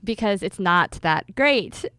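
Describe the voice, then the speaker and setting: Female podcast host, upbeat and bubbly, mid pitch, dry close sound. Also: expressive, slow pace, sharp tone, clear, resonant tone, no room sound. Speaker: podcast host, church executive director. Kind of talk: podcast intro and banter.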